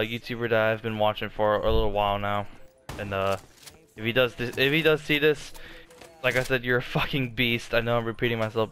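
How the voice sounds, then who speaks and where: A man's voice: mid-range voice, fairly bright tone. A young man casually rambling to viewers over gameplay, swearing freely and restarting his sentences. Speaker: gaming YouTuber.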